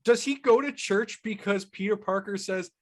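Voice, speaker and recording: A man's voice: high voice, moderate pace. A man co-hosting a podcast in casual chat, jokey and playful. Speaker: podcast co-host.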